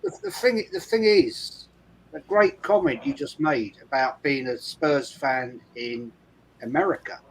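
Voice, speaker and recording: A man's voice: mid-range voice, very animated, a little slow, husky, low-quality recording. A man with a London accent hosting a fan channel, talking bluntly and emphatically in casual chat, swearing freely. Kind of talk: casual chat on a live stream.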